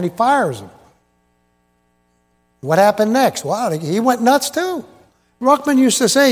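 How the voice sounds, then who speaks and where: A man's voice: very high voice, sing-song, normal speed, long pauses. A man preaching a sermon in a rambling, folksy way, throwing rhetorical questions at the congregation. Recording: long reverb in a big hall.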